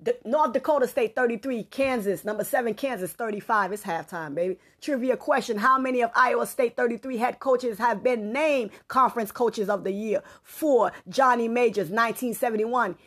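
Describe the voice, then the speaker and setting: A woman's voice: fairly high pitch, normal speed, hardly any pauses. A woman hosting a sports podcast, reading scores in a loose, slangy, playful way and slipping into a preachy tone. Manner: loose and playful, slangy, laughing, drops into a gospel tone. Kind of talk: casual sports chat. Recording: music playing underneath. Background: music.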